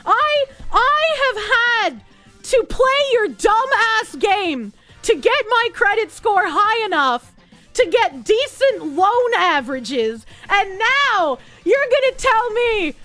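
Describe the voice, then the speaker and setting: A woman streamer ranting angrily at her chat, swearing and breaking into shouts. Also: extremely high pitch, big pitch swings, slow pace, soft background music. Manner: angry, swearing, bursts into shouts.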